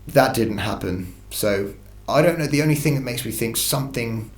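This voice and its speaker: A man's voice: medium pitch, moderate pace, echoey room. A man telling a first-person story in a casual, rambling way, full of restarts and swearing. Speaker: channel host telling an encounter story.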